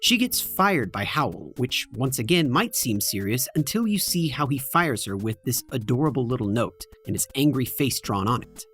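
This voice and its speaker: A man's voice: medium pitch, big pitch swings, normal speed, hardly any pauses, fairly bright tone. A man hosting a scripted video essay, narrating with wry, joking asides. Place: home basement in front of green screen.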